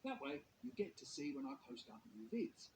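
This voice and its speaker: A man telling a comic story, playful and animated, with sound effects. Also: on the high side, fairly quick, background noise. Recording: echoey room.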